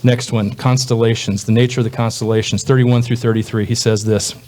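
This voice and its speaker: A male pastor delivering a sermon in a relaxed, conversational manner. His voice sits in a middle pitch, and he slips into brief, livelier voices when he quotes others. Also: fairly quick.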